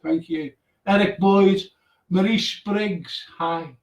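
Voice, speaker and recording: A man's voice: high voice, takes it slowly, distant mic, lo-fi sound. A man hosting a live radio show. He reads out listeners' names and messages in a chatty way, then tells a ghost story with stammering restarts. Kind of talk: casual chat, live show. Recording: echoey room, away from the mic.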